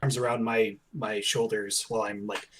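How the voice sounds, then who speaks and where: A man's voice: on the low side, flat delivery, normal speed, a bit bright, a little hiss or hum. A man playing a tabletop game, eager and explaining things in detail. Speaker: player. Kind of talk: tabletop role-play chat.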